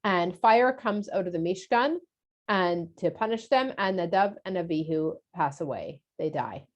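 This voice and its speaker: A woman's voice: lowish voice, lively intonation, measured pace. A woman teaching a casual lesson for kids, chatty and explanatory with frequent filler sounds.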